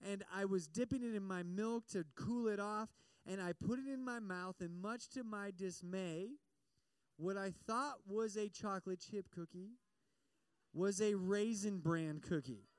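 A young man delivers a sermon in a loose, talkative way, full of fillers and questions to the crowd. His voice sits high and rings smooth and clear. The sound is dry and close, with almost no room. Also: unhurried, no echo. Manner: chatty and animated, many fillers, asks the audience questions. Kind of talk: sermon with personal story.

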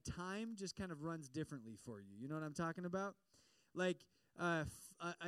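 A young man delivers a sermon in a loose, talkative way, full of fillers and questions to the crowd. His voice sits high and rings smooth and clear. The sound is dry and close, with almost no room. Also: dry recording. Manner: chatty and animated, many fillers, asks the audience questions. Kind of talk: sermon with personal story.

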